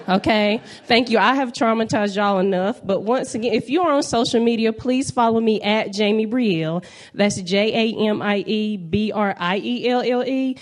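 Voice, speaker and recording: A young North Carolina woman delivers brash, playful stand-up from a club stage, addressing the audience head-on. She speaks at normal speed in a slightly high voice.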